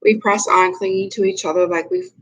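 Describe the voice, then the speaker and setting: Woman, young adult, amateur audiobook reading, mid-pitched voice, even delivery. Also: breathy edge, low-quality recording. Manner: plain, unhurried amateur reading with small slips and restarts. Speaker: audiobook reader. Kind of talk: first-person novel reading.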